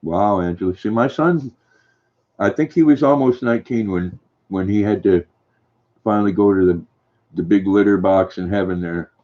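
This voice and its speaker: An older man hosting a livestream, reading viewer comments aloud and answering them in a gentle, folksy way. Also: lowish voice, moderate pace. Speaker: livestream host reading chat. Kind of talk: casual chat. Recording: dull lo-fi stream audio.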